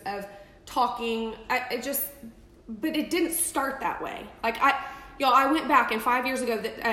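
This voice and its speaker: A woman's voice: on the high side, pushed and bright. Chatty woman in an echoey room. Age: 30s. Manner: chatty, rambling, emphatic, full of restarts and "like". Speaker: makeup seller on a live video. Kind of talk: casual live-stream talk.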